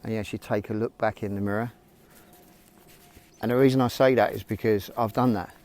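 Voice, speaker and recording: A man's voice: fairly low pitch, fairly even intonation, fairly quick, darkish tone. A man vlogging a casual motivational talk, rambling and informal as he speaks straight to his viewers. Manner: rambling, informal, frank, addresses viewers directly. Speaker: self-help vlogger.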